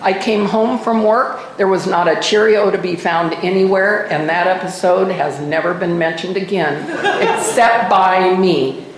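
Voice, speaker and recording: A woman's voice: fairly low pitch, measured pace, reverberant, a little hiss or hum, low-quality recording. An older woman sharing her personal story at a recovery meeting, candid and self-mocking with wry humor. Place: meeting room. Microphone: microphone at a podium.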